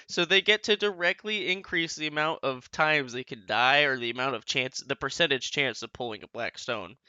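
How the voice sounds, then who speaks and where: A man's voice: mid-range voice, sharp tone, clear, resonant tone, no room sound, highs cut off. A man casually explaining rules for a game as host, rambling with many restarts and asides.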